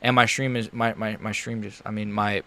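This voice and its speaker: A young man reacting live to a fight he is watching, frustrated and ranting, dropping to mutters and rising to yells. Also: lowish voice, level tone, moderate pace, gravelly. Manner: frustrated, swings between muttering and yelling.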